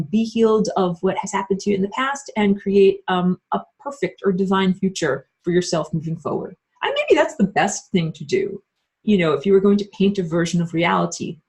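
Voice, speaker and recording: A woman teaching a live-streamed spiritual course, chatty and bubbly, answering chat comments and acting out quoted people in a higher voice. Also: darkish tone, husky. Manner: many fillers like "like" and "um".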